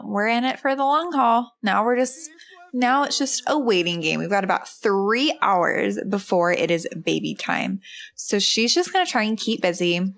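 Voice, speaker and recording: A woman's voice: medium pitch, fairly bright tone. Chatty woman narrating gameplay. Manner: chatty, many fillers like "like" and "you know". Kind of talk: casual let's-play commentary.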